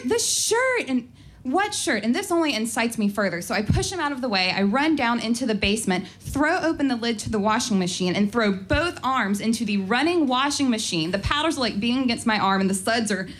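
A woman's voice: on the high side, fairly bright tone. Young woman, first-person storytelling, candid and wry, casual ums and likes.

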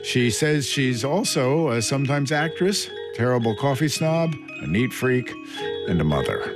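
A man hosting a radio show, reading a smooth, measured scripted announcement. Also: mid-range voice, sing-song. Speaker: radio host. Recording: loud marimba music behind.

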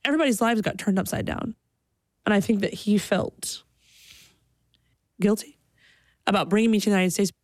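Lively woman telling a personal story. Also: normal speed, long pauses, no room sound, studio quality. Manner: lively, acts out quoted voices in a higher pitch.

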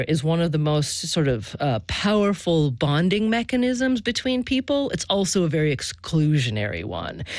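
A woman hosting a public radio interview, speaking in a measured, thoughtful way with some restarts. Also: fairly low pitch, no room sound. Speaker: radio show host. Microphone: studio mic.

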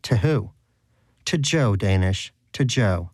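A man's voice: fairly low pitch, expressive, slow, a little mellow, no echo. A man voicing a pious, earnest and prim male pet rodent who lectures with preachy fervor. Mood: reproachful.

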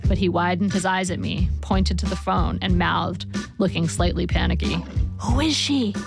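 A woman narrates a first-person story in a dry, wry way. Her voice carries a gravelly vocal fry. Plucked guitar music plays clearly behind her. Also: on the low side, flat delivery, moderate pace. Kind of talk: reading a first-person literary story aloud. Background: soft guitar music.

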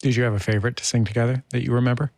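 A man's voice: medium pitch, steady tone, racing, a little mellow, no echo, studio quality. A man hosting an interview, asking curious, conversational questions. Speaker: interview host. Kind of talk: radio interview.

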